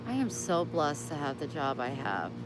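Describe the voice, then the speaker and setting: A woman's voice: deep voice, very animated, moderate pace, noisy background. A middle-aged woman vlogging as she walks her dog outdoors, chatty and coaxing the dog along. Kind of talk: casual vlog while walking her dog.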